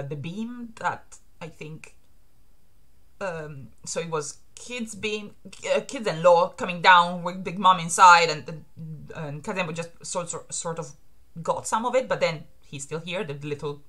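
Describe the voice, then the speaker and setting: A woman making a reaction video, reading comic pages aloud in an excitable, gushing way, mixing laughter with whispered pleading. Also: on the low side. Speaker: manga reaction vlogger.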